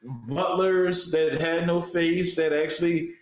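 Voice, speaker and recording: Joking man in an echoey room. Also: on the high side. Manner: joking, playful, quick asides. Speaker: podcast co-host. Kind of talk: casual review chat.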